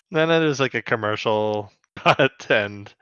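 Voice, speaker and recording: A man's voice: medium pitch, takes it slowly, a bit bright, clear, resonant tone, no room sound. A man co-hosting a podcast, joking and laughing through a casual episode recap. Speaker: podcast co-host. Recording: dull lo-fi mic.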